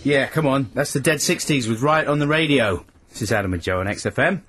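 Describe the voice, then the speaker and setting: A man's voice: medium pitch, fairly quick, over music. A man co-hosting a radio show in a studio, teasing and playful in casual banter. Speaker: radio co-host.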